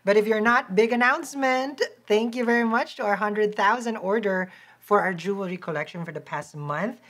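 A woman with a Filipino accent giving a lively, chatty tarot reading and promoting her shop, laughing often. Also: moderate pace. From Philippines. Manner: high-energy, chatty, laughs often, restarts words. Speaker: tarot reader and shop owner.

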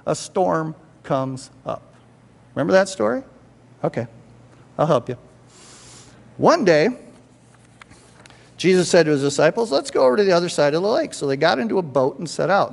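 High-voiced preacher in a reverberant church. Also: male voice, vocal fry. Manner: conversational, checks in with the congregation often. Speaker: pastor. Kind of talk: sermon. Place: church sanctuary.

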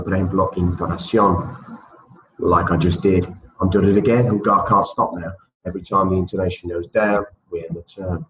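A man's voice: low voice, a bit bright, echoey room, highs cut off, a little hiss or hum. A man teaching an exam-prep English lesson, patiently drilling words for students to repeat.

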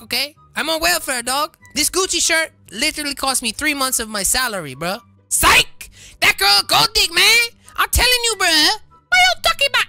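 A woman doing a loud, goofy comedic roleplay over a game, full of slang, yelling and shrieks. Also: extremely high pitch, creaky. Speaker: YouTuber voicing roleplay characters.

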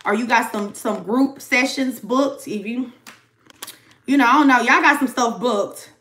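A woman's voice: a little high, unhurried, a bit bright, poor audio. A young woman giving a casual tarot reading to her viewers, chatty and slangy, talking straight to the audience. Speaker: tarot reader.

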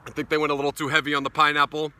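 His voice sits a little high and comes out flat, racing, pushed and bright. He's a middle-aged New Englander with the accent to match, casually trashing and praising a beer in his backyard with profanity and sarcasm.

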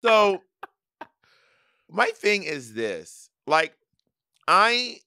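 A man's voice: high-pitched, sing-song, very slow, creaky, bright, forceful tone, clean tone, no echo, clean studio sound. Southern-accented man, casual podcast chat. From Southern United States. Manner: rambling, with many restarts and fillers. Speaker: podcast co-host.

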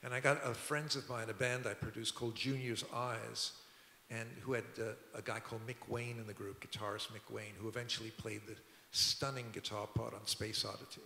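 An older man tells rambling stories at a public talk, his gravelly voice edged with brightness. He restarts his sentences as he goes. It rings through a big hall with a long tail. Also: fairly low pitch, level tone, fairly quick, a little hiss or hum. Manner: rambling, conversational, frequent restarts. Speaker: record producer and musician, guest. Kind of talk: anecdotal storytelling at a public talk. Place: museum auditorium. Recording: echoey hall.

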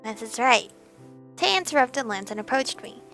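Bright, high-voiced chatty woman streamer. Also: lively intonation, moderate pace, faint music behind. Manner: giggly, chatty asides. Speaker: game streamer. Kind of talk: reading and commenting on a story game.

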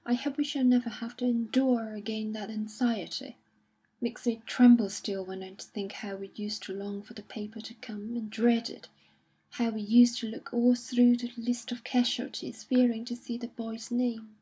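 A woman's voice: fairly high pitch, flat delivery, moderate pace, warm tone, slightly rough. Woman reading as a devout, dutiful older wife. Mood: relieved.

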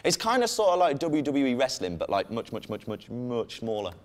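Young male co-host, jokey science news read, pitch jumps around a lot. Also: very animated, a little fast. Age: young adult. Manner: playful, cheeky asides. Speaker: co-host of a student science show.

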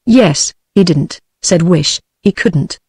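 A woman's voice: fairly low pitch, slow, husky, no echo. Synthetic British woman reading a book, dry. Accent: British English. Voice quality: synthetic, even delivery. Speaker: narrator. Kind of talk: text-to-speech audiobook reading.

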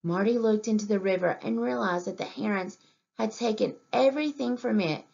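A preschool teacher reads a storybook aloud, her voice gravelly with fry. She pauses to ask questions and point at the pictures, and the recording sounds muffled and lo-fi. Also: medium pitch, a little mellow. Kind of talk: storytime reading aloud to young children. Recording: dull lo-fi recording.

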